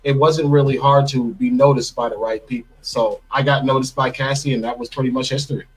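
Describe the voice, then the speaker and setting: A man's voice: medium pitch, steady tone, a little fast, poor audio. A middle-aged man giving a candid interview, bluntly retelling events and acting out what others said. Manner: blunt, vivid retelling with quoted dialogue. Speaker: interview guest telling his story.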